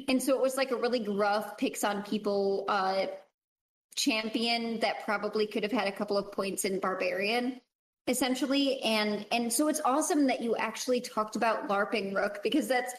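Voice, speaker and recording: Young woman guest, eager and chatty, a bit high voice, echoey room. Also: moderate pace. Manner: chatty, eager, apologetic, lots of fillers like "like". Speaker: podcast guest. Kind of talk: casual podcast chat.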